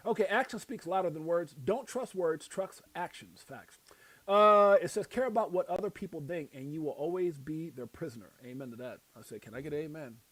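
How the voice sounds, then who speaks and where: A man with a Brooklyn accent hosting a casual crypto livestream, reading out motivational quotes and breaking into loud shouts and laughter. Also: on the high side, a little fast, dry recording. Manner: reads out quotes and preaches motivational sayings.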